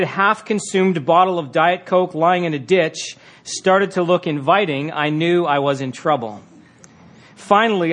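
Higher-voiced man teaching a marriage class. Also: fairly bright tone. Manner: conversational, with frequent fillers and restarts. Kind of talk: teaching talk with read-aloud passages.

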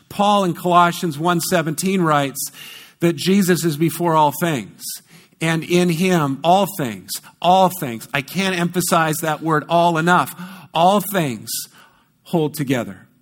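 A man preaching a sermon, emphatic and conversational, repeating key words for stress and correcting himself in quick asides. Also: fairly high pitch, fairly bright tone. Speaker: pastor.

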